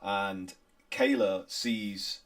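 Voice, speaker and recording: A man narrating as game master, halting and improvised, with many restarts. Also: fairly low pitch, fairly even intonation.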